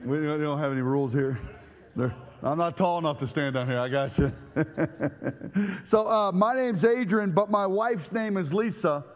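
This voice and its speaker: Male preacher, high voice, jokey and energetic with the crowd, long hall reverb. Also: normal speed. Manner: joking, energetic, banters with the audience. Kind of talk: humorous sermon to a live congregation.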